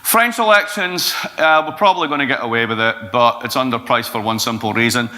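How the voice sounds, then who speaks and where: A Scottish man in his forties, a guest speaker answering questions in a blunt, profane, lively way. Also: medium pitch, a little fast. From Scotland. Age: 40s. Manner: blunt, profane, animated storytelling. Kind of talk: Q&A talk at an event.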